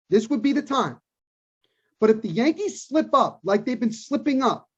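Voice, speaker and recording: Husky-voiced man ranting about sports. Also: high voice, darkish tone. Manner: emphatic, repeats points for stress. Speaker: podcast co-host. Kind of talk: opinionated sports podcast talk. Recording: dull lo-fi recording.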